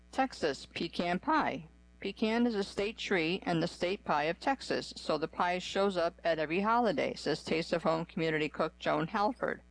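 A woman reading a magazine article aloud in an even, clear voice for a radio program. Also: on the low side, dry recording, rough recording. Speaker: radio reader.

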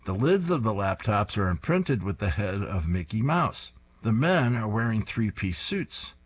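A man's voice: on the low side, sing-song, a little slow, husky. A man reading comic strips aloud, describing each panel in an amused, descriptive way.

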